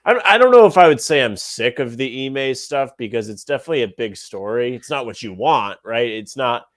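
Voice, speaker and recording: A man co-hosting a sports podcast, talking in an opinionated, animated rant. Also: mid-range voice, fairly quick, dry recording. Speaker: podcast co-host. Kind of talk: casual sports podcast chat.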